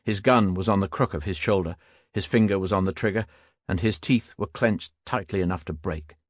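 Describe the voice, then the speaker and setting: Low-voiced man narrating a war memoir. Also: fairly quick, no echo, studio quality. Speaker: audiobook narrator.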